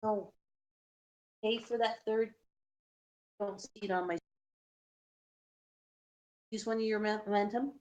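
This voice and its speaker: A woman running a tabletop game as game master, calling out rolls and rules in a brisk, instructive way. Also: medium pitch, steady tone, darkish tone, highs cut off.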